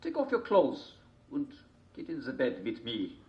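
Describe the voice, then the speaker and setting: A sly, wheedling big bad wolf. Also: male voice, huge pitch swings, unhurried, dull audio. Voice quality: high, wheedling put-on voice.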